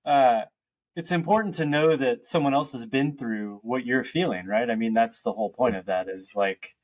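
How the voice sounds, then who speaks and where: A man's voice: mid-range voice, moderate pace. A man hosting a casual podcast, cutting in with joking remarks. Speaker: podcast host.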